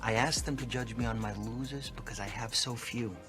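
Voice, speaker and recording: An actor playing a slick stockbroker who smoothly pitches an investment to a client, in film dialogue. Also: male voice, fairly even intonation, a little fast, lightly acted. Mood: smooth confident. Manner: smooth, persuasive sales pitch. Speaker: stockbroker on a sales call. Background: music.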